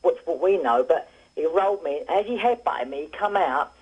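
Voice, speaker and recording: A former boxer rattles through fight stories over a muffled phone line. His voice is husky and quick, and his anecdotes ramble along with restarts. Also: a little high, lively intonation, darkish tone. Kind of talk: casual phone interview.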